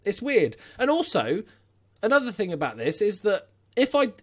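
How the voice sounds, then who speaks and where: A man's voice: high-pitched, wildly swooping pitch, normal speed. A young man casually commentating his game, chatty and opinionated with rambling asides. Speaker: gaming YouTuber. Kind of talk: let's-play commentary.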